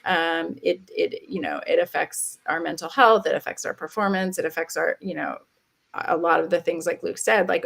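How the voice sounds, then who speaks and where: Low, gravelly woman on a webinar. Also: fairly even intonation, moderate pace, a bit bright. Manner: chatty, repeats words, acts out quoted dialogue. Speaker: webinar panelist, parent. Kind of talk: casual webinar discussion.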